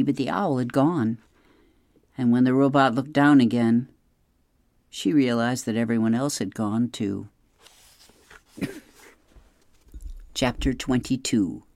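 A narrator reading a children's chapter book aloud in an expressive, lively way. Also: mid-range voice, slow pace, long pauses, no room sound. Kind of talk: storybook read-aloud.

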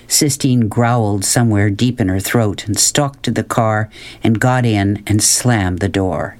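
A man narrating a children's novel in calm, measured storytelling. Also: fairly low pitch. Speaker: audiobook narrator. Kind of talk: scripted narration.

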